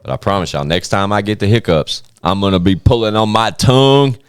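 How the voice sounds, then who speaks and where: A man hosting a casual podcast chat, talking in an animated, profane way. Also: lowish voice, fairly quick, clear, resonant tone, no room sound, clean studio sound.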